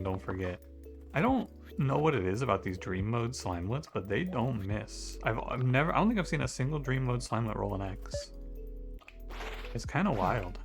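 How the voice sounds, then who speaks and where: A man with a fairly low voice talks through a dice game as he plays it, chatting to the characters on screen. He grumbles and bursts out in exasperation when the rolls go against him, with soft game music playing faintly underneath. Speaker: video game streamer. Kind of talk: casual gameplay commentary.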